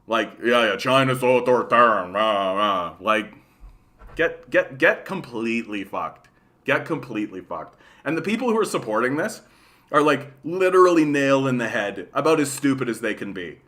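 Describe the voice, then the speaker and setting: A man's voice: medium pitch, sing-song, normal speed, fairly bright tone. A Canadian man hosting a livestream, ranting casually and profanely, with constant "like" and "right?". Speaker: livestream host. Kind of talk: casual political rant.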